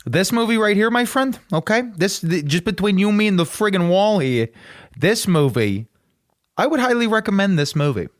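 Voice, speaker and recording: A man's voice: sits high, sing-song, normal speed, no echo, clean studio sound. A man co-hosting a casual film podcast, playful and joking as he banters with his co-host.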